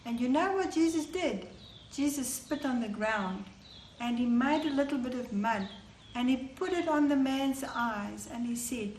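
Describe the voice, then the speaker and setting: A woman's voice: fairly high pitch, roomy sound, slight background noise. A woman telling a Bible story to children as a storyteller. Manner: slow, warm-toned teaching to children. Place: church hall.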